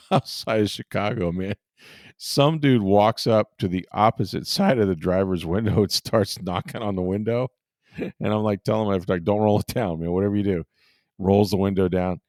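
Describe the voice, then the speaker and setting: This podcast host is a middle-aged sportswriter with a lowish, darkish voice, recorded dry and at studio quality. In a casual chat he spins a rambling story at his own expense, laughing a lot.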